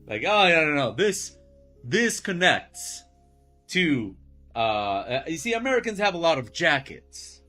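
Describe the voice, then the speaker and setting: A man doing a pompous know-it-all in an invented accent, explaining slowly with halting stumbles as the pitch rises and falls. Soft music plays quietly underneath. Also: very animated, full character voice. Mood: mock-explanatory. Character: adult man mock-lecturing in a made-up accent.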